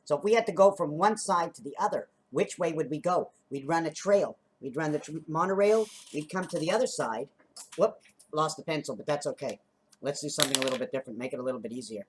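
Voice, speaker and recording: A woman's voice: deep voice, lively intonation, quick pace, a little hiss or hum. A woman vlogger talking in a rambling, free-associating monologue, laughing often and counting out numbers and letters as she sketches.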